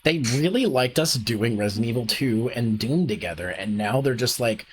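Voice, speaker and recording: A man's voice: medium pitch, expressive, moderate pace, slight background noise. A man hosting a casual stream chat, joking and hesitant with frequent fillers. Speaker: streamer host.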